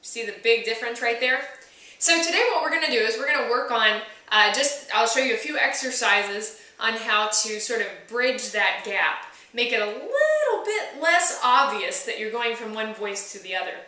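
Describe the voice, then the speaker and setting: A young woman gives a singing lesson, explaining each step and breaking into short sung demonstration notes. Her voice is bright and clear, set a little high. It rings with a strong room echo, caught from a few steps away. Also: very animated, moderate pace. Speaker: voice teacher. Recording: echoey room from far off.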